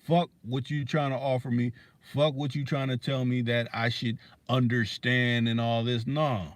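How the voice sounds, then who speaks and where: A man's voice: mid-range voice, little pitch movement, moderate pace, dry recording. A man hosting a livestream, ranting in a heated, profane way with many restarts and fillers. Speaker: livestream host. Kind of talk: casual rant on a livestream.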